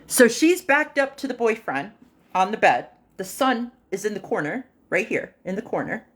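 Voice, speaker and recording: A woman on a livestream telling a personal story casually and dramatically, pausing often, with fillers and acted-out quotes. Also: medium pitch, sing-song. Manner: dramatic retelling that acts out other people's lines; unhurried, with pauses and fillers.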